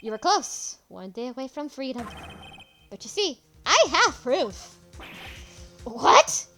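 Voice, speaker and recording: A woman voicing a confident young male defense lawyer from a courtroom game, speaking in a measured, pressing way. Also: high voice, lively intonation, faint music behind. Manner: measured, building to triumphant.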